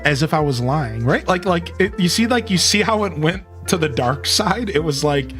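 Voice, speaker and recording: A man's voice: fairly high pitch, lively intonation, moderate pace, hardly any pauses, a bit bright. A laid-back male streamer in casual conversation with his chat, speaking in an easygoing, friendly way. He talks directly to his viewers while faint music plays underneath.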